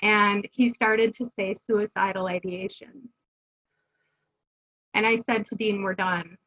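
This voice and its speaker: A woman's voice: mid-range voice, steady tone, takes it slowly, a bit bright, lo-fi sound. A middle-aged woman telling her family's story as an interview guest, earnest and conversational, with fillers and restarts. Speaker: guest, homeschooling mother. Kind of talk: candid personal storytelling.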